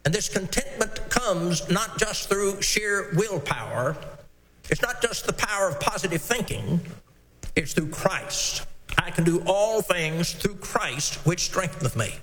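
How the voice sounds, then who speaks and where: A man preaching a sermon, reading scripture slowly and stressing single words. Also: high voice, animated, fairly bright tone, a little hiss or hum. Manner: measured, emphatic scripture reading. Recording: long hall reverb.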